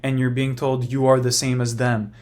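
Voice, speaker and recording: A young man talks to camera in a loose, rambling personal monologue, speaking frankly and stopping often to restart his thoughts. His voice sits at an ordinary, middling pitch for a man. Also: little pitch movement, moderate pace, a little mellow. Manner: rambling, frank, full of fillers. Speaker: vlogger.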